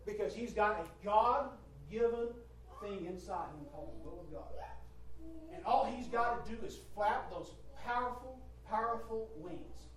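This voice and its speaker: A male preacher delivers an emphatic sermon in a high, expressive, unhurried voice, letting it swell and drop and repeating phrases for effect. It was picked up by a distant mic in a roomy hall, with faint ambience and slight background noise.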